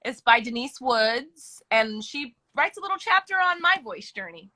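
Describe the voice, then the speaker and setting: A woman's voice: fairly high pitch, big pitch swings, moderate pace, sharp tone. A woman chatting as a guest over a video call from her bed, enthusiastic and affectionate. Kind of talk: casual live chat. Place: in bed at home.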